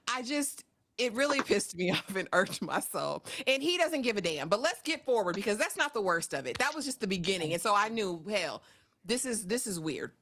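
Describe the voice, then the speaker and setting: Animated woman recapping reality TV. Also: mid-range voice, moderate pace. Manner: animated, acts out quotes, laughs often. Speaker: podcast co-host. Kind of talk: casual reality TV recap chat.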